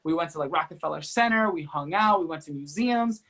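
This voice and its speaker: A podcast guest tells a personal story in an animated interview, talking fast and energetically with lots of fillers like "you know" and "like." His voice is on the high side.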